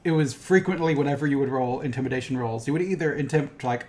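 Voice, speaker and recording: A man's voice: mid-range voice, quick pace, hardly any pauses, darkish tone. A young man co-hosting a podcast and chatting casually about a cartoon, rambling and swearing. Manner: rambling, profane, fond of asides. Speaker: podcast co-host and game master.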